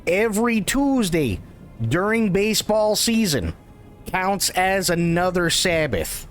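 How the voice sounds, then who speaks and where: Animated, laughing man riffing in role-play. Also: high voice, slow, faint music behind. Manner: rambling, laughs often, swears freely. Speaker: streamer. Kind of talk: casual role-play banter.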